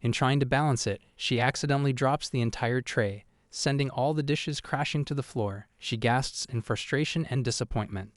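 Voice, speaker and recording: A man's voice: mid-range voice, normal speed, hardly any pauses, dry recording. Man narrating a story in a dry voice.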